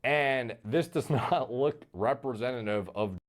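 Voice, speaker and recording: A man's voice: mid-range voice, a little slow. A man giving casual, profane commentary about a fighter's physique in a video played on stream.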